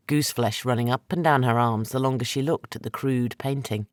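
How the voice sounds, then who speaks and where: A man narrating a historical fantasy audiobook in a steady, dramatic reading. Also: medium pitch, brisk, no echo, clean studio sound. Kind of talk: scripted narration.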